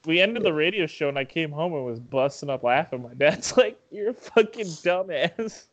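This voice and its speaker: A young man and podcast host in casual chat, telling stories with swearing and laughter and jumping up in pitch when he acts out his fright. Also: lively intonation, brisk, fairly bright tone, dull audio.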